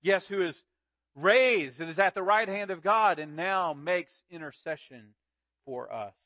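Man preaching in a slow dramatic read. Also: high voice, dry recording. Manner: slow, dramatic storytelling with wide swings in loudness. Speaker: pastor. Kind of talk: sermon, reading a story aloud.

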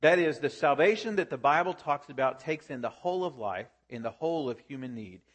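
A man's voice: a little high, animated, brisk, slightly rough. A man preaching a sermon, teaching the congregation with rhetorical questions and emphatic rises and drops in his voice. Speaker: pastor.

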